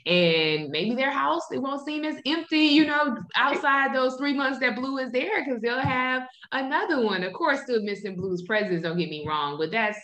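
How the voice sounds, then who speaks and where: A woman's voice: high voice, lively intonation, moderate pace, hardly any pauses, fairly bright tone. Emphatic woman co-host in an echoey room. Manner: emphatic, insistent. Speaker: podcast co-host. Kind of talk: casual chat recapping a TV episode. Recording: roomy echo.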